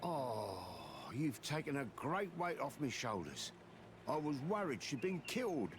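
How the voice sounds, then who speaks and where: A man's voice: on the high side, big pitch swings, unhurried. Fretful rescued townsman. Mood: relieved. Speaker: freed townsman in a video game. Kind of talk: video game dialogue. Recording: game audio with ambient noise.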